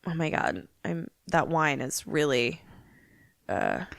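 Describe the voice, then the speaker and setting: A woman co-hosting a podcast, reacting to a retold story with quick quips, groans and questions. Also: low voice, wildly swooping pitch, creaky, fairly bright tone, dry recording, clean studio sound. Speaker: podcast co-host. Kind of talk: casual chat.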